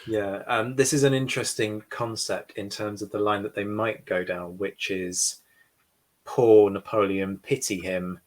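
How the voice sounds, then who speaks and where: A man's voice: on the low side, fairly even intonation, moderate pace, few pauses, fairly bright tone. A man hosting a history podcast livestream, giving opinionated commentary with dry sarcastic asides. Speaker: podcast host. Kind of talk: livestream reaction discussion.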